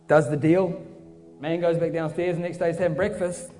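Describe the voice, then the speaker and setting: A man's voice: fairly high pitch, steady tone, brisk. A man preaching a sermon in a fervent, casual storytelling manner. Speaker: pastor. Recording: reverberant hall with soft music.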